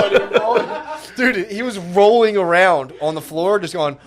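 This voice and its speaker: A man's voice: on the high side, animated, normal speed, crowd noise. A man in his thirties, a podcast co-host, telling a rambling, profane story in casual chat, often quoting himself.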